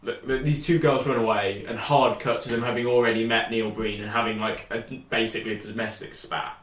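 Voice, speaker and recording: A British man co-hosting a podcast in casual chat, animated and rambling, jumping high when he quotes people. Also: fairly quick. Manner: animated, rambling, shoots up in pitch when quoting. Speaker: podcast co-host. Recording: echoey room, off-mic.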